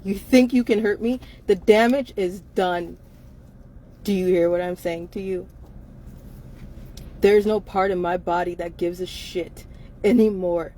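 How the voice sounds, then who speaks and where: Speaking at a measured pace with long pauses, a weary woman co-hosts a laid-back live-stream chat. Her voice is on the low side, steady and warm. She is emphatic and repetitive, swears liberally and laughs frequently.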